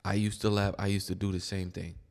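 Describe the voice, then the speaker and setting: In a large hall, a man with a deep, fairly monotone, slightly mellow voice talks fast while hosting a reaction video. His casual commentary on the clips is blunt and mocking, and he keeps saying "bro."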